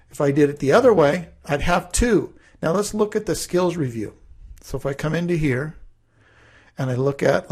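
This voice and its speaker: A man teaching a class through a relaxed, conversational screen-recorded coding tutorial, thinking aloud as he works. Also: on the high side, creaky, husky.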